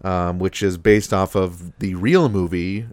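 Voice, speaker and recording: A man with a fairly low voice recaps an old TV episode in casual podcast chat. He rambles, restarts and drops fillers. The sound is dry and close. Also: steady tone, measured pace, a little mellow, no room sound. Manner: rambling, filler-heavy storytelling with acted-out quotes. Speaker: podcast co-host.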